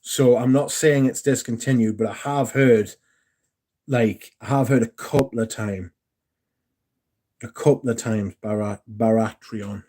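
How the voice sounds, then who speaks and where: A man's voice: mid-range voice, fairly even intonation, unhurried, mellow. A man, chatting casually and rambling on a livestream, answering viewers and swearing now and then. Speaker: livestream host. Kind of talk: casual chat.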